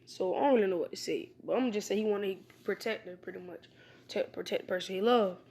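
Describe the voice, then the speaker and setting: A woman's voice: mid-range voice, quick pace, a little mellow. Rambling casual woman telling a fan story. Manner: rambling, many fillers and restarts; informal, slangy.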